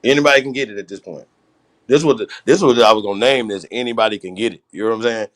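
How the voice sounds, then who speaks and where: A man's voice: lowish voice, quick pace. A man hosting a livestream, talking bluntly and emphatically, with a lot of swearing. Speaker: host. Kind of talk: livestream political talk.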